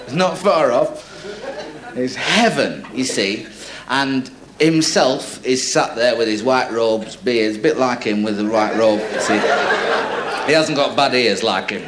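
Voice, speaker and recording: A man's voice: medium pitch, measured pace. A man doing stand-up, telling a joke in a chatty way and laughing at his own lines. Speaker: comedian. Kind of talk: stand-up routine. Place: live venue before an audience. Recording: live room with echo, loud crowd and noise.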